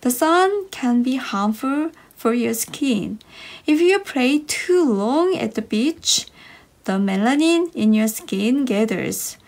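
Slow, sing-song woman reading for kids. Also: on the high side, expressive. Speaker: reader of children's English stories. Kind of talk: slow expressive read-aloud for kids.

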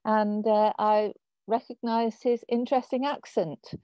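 A woman's voice: fairly high pitch, steady tone, a little slow, no echo. A woman from Birmingham with a Birmingham accent, hosting a conversation over a video call, chatty and hesitant with many ums and restarts. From Birmingham, England. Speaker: host. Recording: dull lo-fi video call audio.

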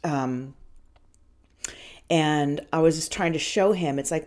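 Female podcast host, middle-aged, lower register, blunt and profane confessional monologue, loose and rambling. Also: takes it slowly, darkish tone. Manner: frank and profane, with many restarts and fillers. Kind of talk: candid personal storytelling.

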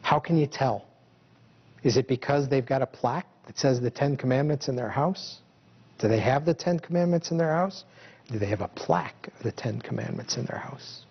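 A man's voice: mid-range voice, moderate pace, creaky, breathy edge, muffled recording. A male preacher giving a conversational sermon to his congregation, full of rhetorical questions. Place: church hall.

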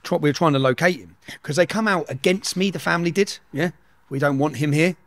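A man's voice: a little high, fast, fairly bright tone, no room sound. A middle-aged man, telling a story at speed in an interview and acting out the dialogue. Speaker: guest.

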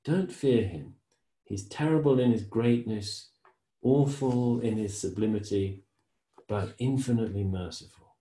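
A man reading as a gentle, joyful old elder. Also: on the low side, unhurried, echoey room, close to an everyday voice, rough recording. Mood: tender. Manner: reads the dead elder's words tenderly.

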